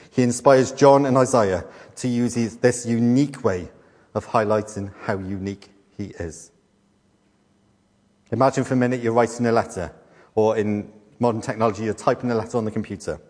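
A middle-aged man preaching a sermon as a pastor. He teaches with rhetorical questions and deliberate repetition. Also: medium pitch, a little mellow. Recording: long hall reverb.

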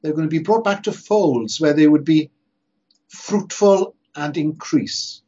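A man preaching a sermon in an earnest, emphatic way, slowing down to stress repeated phrases. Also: on the high side, lively intonation, warm tone. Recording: dull lo-fi sermon recording.

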